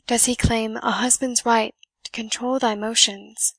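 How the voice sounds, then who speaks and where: A woman reading as a stern, reproachful young gentleman. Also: on the high side, little pitch movement, a little slow, vocal fry, slightly rough, dry recording, full character voice. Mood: commanding.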